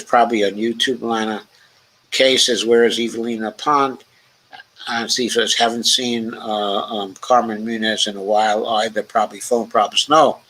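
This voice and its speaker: Guy reading chat comments on his political stream, slow and bright-voiced, lots of ums. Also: medium pitch, poor audio. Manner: reads chat comments aloud, then remarks on them, with many "um" fillers. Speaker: livestream host reading viewer comments. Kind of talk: casual political commentary livestream.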